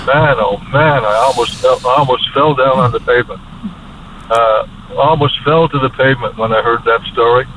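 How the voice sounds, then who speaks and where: A man calling a radio show, choked up, halting and repeating himself as he speaks. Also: mid-range voice, fairly even intonation, fairly bright tone. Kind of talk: emotional call-in talk. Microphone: phone. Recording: tinny phone line with faint hiss.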